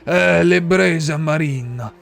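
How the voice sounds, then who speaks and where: A man's voice: a little high, measured pace, gravelly, faint music behind. A man voicing an old Italian former sea captain, telling his tale in broken English with a put-on Italian accent. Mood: wistful.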